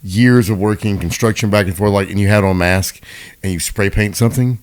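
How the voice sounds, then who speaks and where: A man's voice: lowish voice, a little fast, clean tone. A man co-hosting a podcast, chatting casually and chiming in with details, laughing often. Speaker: podcast co-host. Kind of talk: casual chat.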